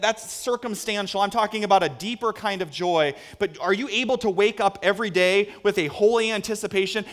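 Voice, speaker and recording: A man with a somewhat high voice delivers a sermon. He talks earnestly and leans on rhetorical questions. He swings between hushed asides and emphatic lines. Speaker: pastor.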